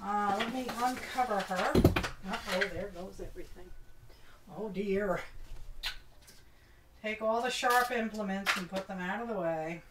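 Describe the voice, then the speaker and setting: A woman's voice: mid-range voice, unhurried, long pauses, heavy background noise. A woman hosting a casual craft live stream, greeting chat viewers with affectionate pet names and folksy, old-fashioned exclamations.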